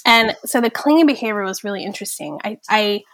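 A woman's voice: medium pitch, fast talker, a bit bright, dry recording. A woman in her thirties, a therapist speaking earnestly and reflectively in a podcast conversation, often tagging "right?" and "like". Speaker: therapist guest.

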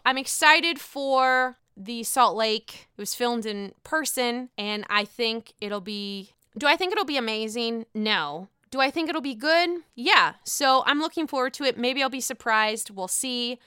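A woman giving casual, blunt commentary, full of swearing and animated outbursts. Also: fairly high pitch, unhurried, few pauses, clear, resonant tone, no echo, studio quality. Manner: blunt, profane, animated rant.

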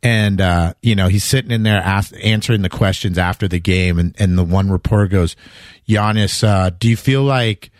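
A man co-hosting a casual sports betting podcast, chatty and quick to act out quotes in a raised voice. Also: low-pitched, dry recording, studio quality. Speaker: podcast co-host.

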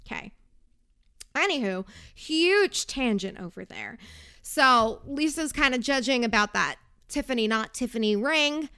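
A woman's voice: high-pitched, animated, a little slow, sharp tone, clean tone. A young woman hosting a casual podcast, chatty and sarcastic, going off on tangents while recapping a reality show. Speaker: podcast host.

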